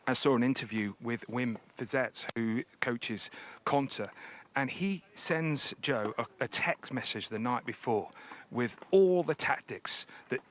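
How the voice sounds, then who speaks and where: A man reporting live from the practice courts, out of breath from rushing around. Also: medium pitch, fairly bright tone. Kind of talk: live outdoor sports report.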